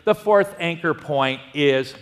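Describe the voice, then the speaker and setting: A man's voice: on the high side, slow pace, long reverb tail. A man preaching a sermon as pastor, conversational and telling personal stories.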